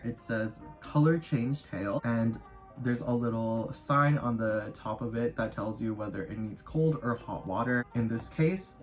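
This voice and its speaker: A man's voice: medium pitch, fairly bright tone. Chatty upbeat man unboxing a doll. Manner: chatty, upbeat, lots of "like" fillers. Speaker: doll collector YouTuber. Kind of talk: casual unboxing vlog.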